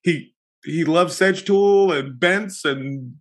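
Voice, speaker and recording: A man hosting a podcast, talking casually and telling animated stories with lots of restarts. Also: on the high side, takes it slowly. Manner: animated storytelling, chatty with many restarts. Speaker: podcast host. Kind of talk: casual chat.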